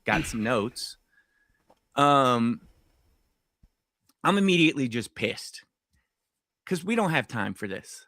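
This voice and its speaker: Man, middle-aged, podcast co-host, casual storytelling, swears, crisp dry studio sound. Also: medium pitch, slow, pauses often, no room sound. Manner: animated storytelling, swears freely. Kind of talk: casual chat.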